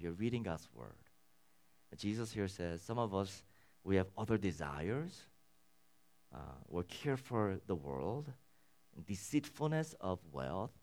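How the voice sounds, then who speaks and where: Man preaching, lively rising and falling pitch, earnest and emphatic, drops to a near hush at times. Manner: earnest, swings between loud emphatic peaks and soft low passages. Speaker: pastor. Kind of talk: sermon.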